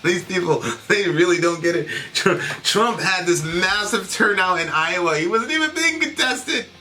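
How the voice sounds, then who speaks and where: Ranting man with a bright voice. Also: high-pitched, expressive, normal speed, soft background music. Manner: indignant, ranting, sarcastic. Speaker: political talk show co-host. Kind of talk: heated political commentary.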